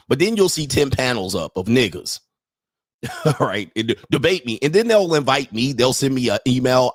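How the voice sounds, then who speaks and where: A man hosting his own livestream, ranting in a casual, profane and mocking way and filling pauses with "all right" again and again. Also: medium pitch, dry recording. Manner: keeps saying "all right". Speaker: livestream host.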